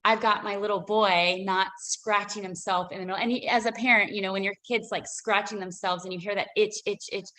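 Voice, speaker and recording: A woman's voice: medium pitch, fairly even intonation, brisk, hardly any pauses, bright, forceful tone, poor audio. Woman guest on a radio show, emotional and rambly, lots of fillers and restarts. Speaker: guest, business owner. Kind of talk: radio interview storytelling.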